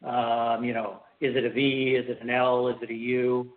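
A man's voice: medium pitch, flat delivery, normal speed. Man asking questions on a phone line. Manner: rambling, stacked questions. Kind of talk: conference call question.

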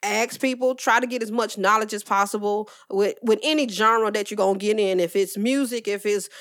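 A woman co-hosting a casual chat, talking in a relaxed, loose way and giving advice. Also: mid-range voice, normal speed.

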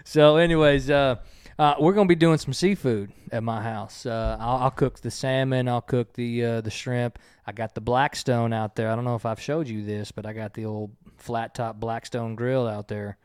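Rambling man, smooth dry voice. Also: medium pitch, steady tone, normal speed, a little mellow, dry recording. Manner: rambling storyteller with stammered restarts. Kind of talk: casual chat. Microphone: headphones with a mic on a remote call.

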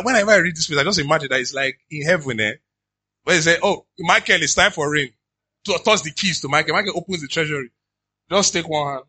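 A pastor preaches with a bright, slightly husky voice pitched a little high. He reads scripture aloud, then bursts into animated asides to his congregation. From Nigeria. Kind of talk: sermon.

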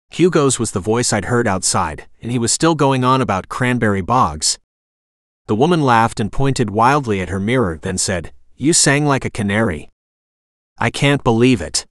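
A man narrating a first-person story in a steady, even storytelling manner, recorded on a close studio mic. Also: mid-range voice, no echo. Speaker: audiobook narrator.

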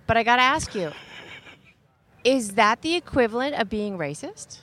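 Lively woman co-hosting sports talk. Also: fairly high pitch. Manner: lively, quick to question and laugh along. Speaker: radio co-host.

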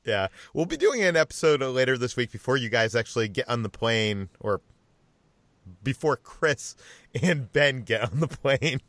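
A man hosting a casual podcast, relaxed and rambling with fillers. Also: medium pitch, moderate pace, no echo. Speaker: podcast host, editor-in-chief. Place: Los Angeles.

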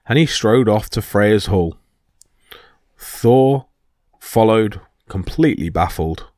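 A man narrating mythology stories as a podcast storyteller, in a steady dramatic reading. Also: lowish voice, slow, no room sound.

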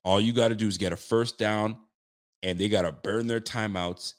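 A man with a fairly low voice hosts a late-night post-game reaction stream. He rants emphatically and answers his viewers directly. He is clearly fired up but keeps his volume in check. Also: steady tone, normal speed. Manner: ranting, emphatic, addresses viewers as folks; holding volume down while fired up. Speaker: sports fan show host.

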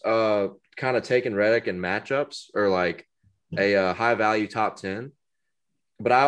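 Rambling, low-voiced male podcast host. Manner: rambling, filler-heavy. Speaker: podcast co-host, sports bettor. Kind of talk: casual sports betting chat.

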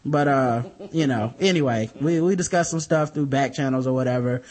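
A man's voice: medium pitch, moderate pace, a little mellow. A young man co-hosting a podcast in a casual, rambling, profane way, full of fillers and loose asides. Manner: laid-back, rambling, profane, with many fillers. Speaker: podcast co-host.

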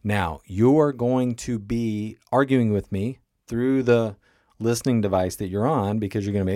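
A man with a lowish voice talks listeners through a coaching tool on his podcast. He explains casually and keeps checking in with "right?" and "okay?". The sound is close and dry. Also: steady tone, moderate pace, mellow, dry recording. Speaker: life coach and podcast host.

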